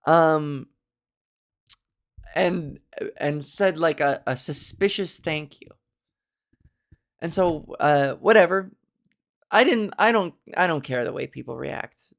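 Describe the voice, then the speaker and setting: Gravelly low-voiced woman telling stories. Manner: chatty, animated, with big jumps in pitch. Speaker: podcast host and comedian. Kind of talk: casual storytelling monologue.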